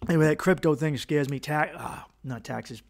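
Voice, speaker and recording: A man's voice: a little high, moderate pace. A man hosting his own podcast, delivering a casual, opinionated monologue with profanity and sarcastic asides. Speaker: podcast host, comedian.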